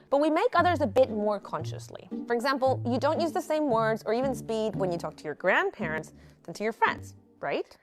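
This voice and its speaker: A woman hosting an explainer video, giving clear, lightly playful scripted narration. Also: a little high. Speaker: host. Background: background music.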